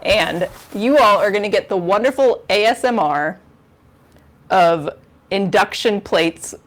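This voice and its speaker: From her home kitchen, a woman with a mid-range voice hosts a charity livestream, speaking at an unhurried pace. She chats casually into a lavalier mic, rambling, giggling, and poking fun at herself.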